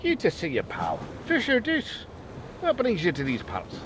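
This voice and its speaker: A man's voice: high voice, wildly swooping pitch, normal speed, fairly bright tone, heavily acted. Alistair, a wry Scottish fisherman. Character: wry, grumbling male Scottish fisherman and harbour master. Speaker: harbour master in a game. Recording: game audio with clear background noise.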